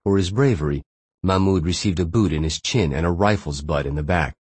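A man narrating a thriller audiobook in a steady, measured way. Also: deep voice, husky, no echo.

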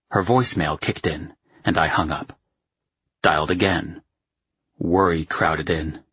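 A man narrating a novel in the first person, measured and unhurried, lifting his voice for other characters. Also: fairly bright tone, no echo, lo-fi sound. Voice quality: very husky, low. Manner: measured, slow, acts dialogue with raised pitch. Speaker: audiobook narrator.

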